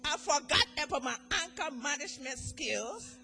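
A middle-aged woman from Africa with an African accent, giving an emotional church testimony that swings from quiet talk to shouted praise. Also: sits high, expressive, moderate pace, noisy background.

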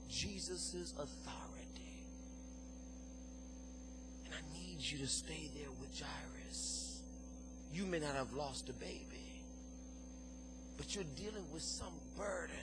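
A man's voice: fairly high pitch, rough recording. A man preaching an impassioned sermon to his congregation, calling out to the listeners. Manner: impassioned preaching, call-and-response. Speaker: pastor.

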